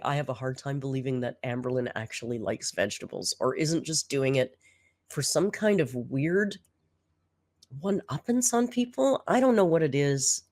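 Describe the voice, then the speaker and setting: Sarcastic commentator with a lively, dry voice. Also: medium pitch, dry recording. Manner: sarcastic, exasperated, blunt. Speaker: commentary channel host. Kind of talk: reaction commentary.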